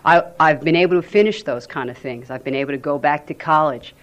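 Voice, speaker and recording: A woman sharing her personal recovery story at a meeting, telling it in an animated way and acting out what people said. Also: sits low, a little fast.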